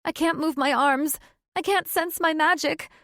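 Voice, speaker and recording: A woman voicing a defiant young witch in an audiobook, with a high, tense voice. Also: unhurried, a bit bright, dry recording, clean studio sound. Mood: frantic, defiant.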